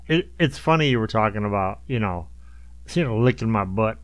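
Middle-aged male co-host, easy laughter, relaxed storytelling, dry close recording. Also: lowish voice, fairly quick, dry recording. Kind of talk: casual chat.

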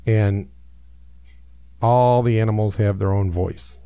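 A man's voice: on the low side, fairly even intonation, slow pace, mellow, clean tone, no room sound. A man co-hosting a casual chat, joking around a lot. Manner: jokey, prone to silly voices.

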